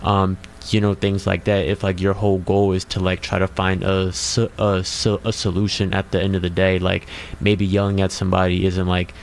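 A man's voice: deep voice, completely flat delivery, moderate pace, vocal fry, few pauses, slight background noise. A laid-back man chatting on a radio talk show, hesitant and full of fillers. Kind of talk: casual talk show chat.

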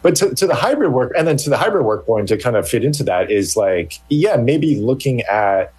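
A man's voice: medium pitch, very animated, brisk, a little mellow, breathy edge, rough recording. A man who is a journalist guest on an interview, answering hesitantly with many restarts.

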